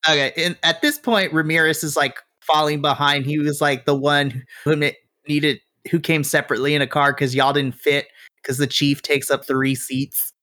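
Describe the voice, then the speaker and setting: A man's voice: fairly high pitch, steady tone, moderate pace, pushed and bright, dry recording, clean studio sound. A man narrating as game master, chatty, with frequent laughs and filler words.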